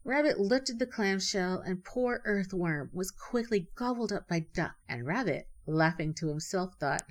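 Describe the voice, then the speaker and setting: A woman reading a storybook aloud as narrator, gently and evenly. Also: medium pitch, expressive, moderate pace, hardly any pauses.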